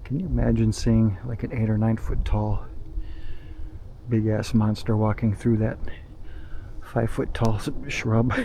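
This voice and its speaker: A man narrating his solo night walk outdoors through snowy woods as a paranormal investigator, jumpy and excitable, talking to himself. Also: fairly low pitch, creaky, a little hiss or hum. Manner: excitable and jumpy, talks to himself, quick nervous laughs. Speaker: paranormal investigator, channel host.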